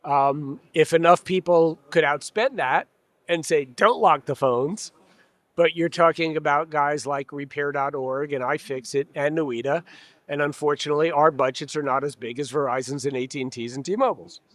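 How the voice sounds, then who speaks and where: A man with a slightly high voice speaks at a moderate pace in a dry recording. He's a trade association president chatting casually in an interview at an expo hall, candid and wry, slipping into quoted asides where he plays customers and dealers.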